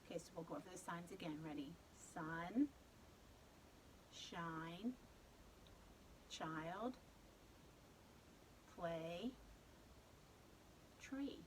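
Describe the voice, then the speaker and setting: A woman leading a children's storytime as a librarian, reading a picture book aloud in an animated, coaxing sing-song way and singing simple songs. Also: fairly low pitch, takes it slowly, pauses often, slight background noise, rough recording.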